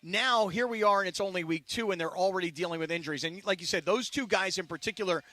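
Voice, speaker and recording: A man co-hosting sports radio, emphatic as he argues his football picks. His voice is high and bright, and the sound is dry and close. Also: fast, no echo. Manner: emphatic, animated analysis. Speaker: radio co-host, former player. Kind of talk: live sports radio chat.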